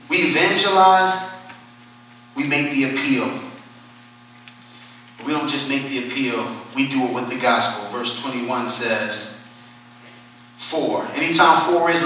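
A high, bright-voiced man preaches a sermon from a distance from the mic, his words ringing through a very echoey hall. He drops low and soft, then climbs into loud, passionate pleading. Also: a little hiss or hum. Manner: swings from low and quiet to loud, impassioned preaching. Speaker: pastor.

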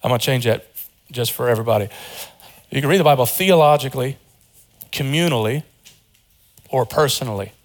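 A man preaching a sermon as pastor, earnest, rising to high emphatic peaks and dropping low and quiet, with informal joking asides. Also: fairly quick, long pauses.

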